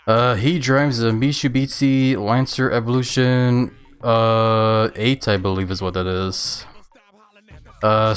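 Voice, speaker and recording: A man's voice: mid-range voice, smooth. A man casually commenting while he plays a racing game on a live stream, chatty and laughing often as he thanks viewers.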